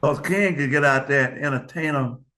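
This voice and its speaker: An older man, a guest in a casual interview, who speaks haltingly and often repeats words. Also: mid-range voice, pushed and bright.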